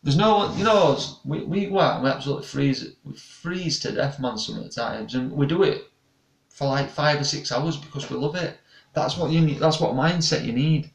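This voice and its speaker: A man's voice: fairly high pitch, moderate pace. A young man, a paranormal investigator chatting casually with viewers and reading comments, rambling and restarting often. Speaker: paranormal investigator and channel host. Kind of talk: casual live-stream chat reading comments. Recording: echoey room, distant mic.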